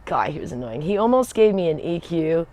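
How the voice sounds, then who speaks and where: A woman's voice: deep voice, very animated, fairly quick, dark tone, highs cut off. A woman telling a casual story in a loose, rambling way. She wanders off on side paths, loses her thread and laughs often as she goes. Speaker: Air Force veteran telling stories on a livestream.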